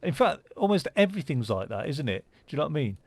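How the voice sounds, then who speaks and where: A man's voice: on the high side, big pitch swings, fast talker, husky, no room sound. A man giving casual, rambling commentary while playing a game, with lots of fillers and restarts. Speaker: gaming channel host. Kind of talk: casual let's-play commentary.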